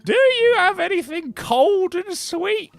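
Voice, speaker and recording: A squeaky high theatrical tavern guest. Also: male voice, big pitch swings, slow pace, vocal fry, fairly bright tone, dry recording, soft background music, full character voice.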